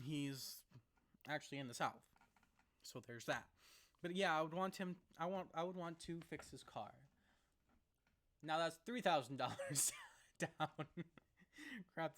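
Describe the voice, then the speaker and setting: A young man vlogging casually into a laptop mic, rambling and laughing as he talks, sometimes rushing and sometimes slowing down. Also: on the high side, fairly bright tone. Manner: rambling, laughs often, jumps between fast and slow. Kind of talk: casual to-camera vlog.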